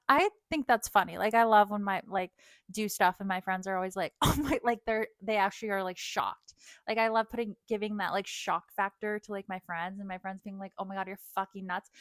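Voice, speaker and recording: A woman's voice: medium pitch, a bit bright, no echo. Chatty woman in her thirties, dry sound. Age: 30s. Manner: heavy filler "like", swearing, frequent laughter. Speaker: vlogger. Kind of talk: casual storytime rant.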